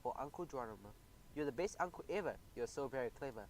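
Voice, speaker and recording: A man's voice: medium pitch, expressive, fast, natural voice, poor audio. Brief: sweet little boy mouse, tender sing-song recital, read by a man.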